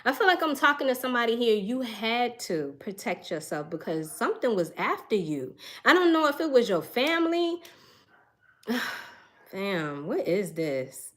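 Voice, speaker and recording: A woman's voice: fairly high pitch, sing-song, moderate pace. A young woman giving an intuitive tarot reading, musing and searching for words with frequent sighs, earnest and emotional. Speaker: tarot reader.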